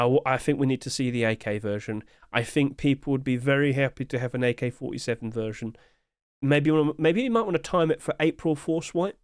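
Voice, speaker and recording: A man's voice: medium pitch, no room sound, clean studio sound. A man giving casual, upbeat commentary as he reviews game skins, chatting along with light chuckles.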